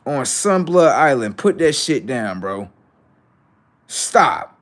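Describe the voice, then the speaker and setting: A man talking casually on a livestream, with a middle-pitched voice. He rambles, curses and repeats himself, needling his chat. He slides from low mutters into loud, slow taunts. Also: big pitch swings. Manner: rambling, profane, repetitive, taunting the viewers. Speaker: livestream host.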